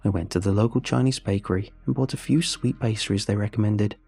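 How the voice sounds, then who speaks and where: A man tells a first-person horror tale in a measured, scripted delivery. His voice is dark and husky, and faint music runs underneath. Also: lowish voice. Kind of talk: scripted horror story narration.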